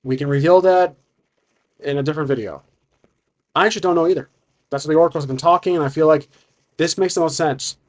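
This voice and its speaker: A man's voice: on the high side, fast talker, pauses often. A man narrating his solo tabletop game, thinking aloud with frequent restarts. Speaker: solo game master and player.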